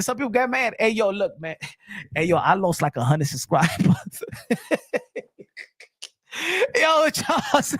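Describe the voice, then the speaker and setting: A man hosting a boxing livestream, rowdy and laughing, often shouting as he reacts to chat. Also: extremely high pitch, expressive, unhurried, long pauses, no room sound, clean studio sound. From Dominican Republic family roots. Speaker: boxing channel host. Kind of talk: excited live commentary.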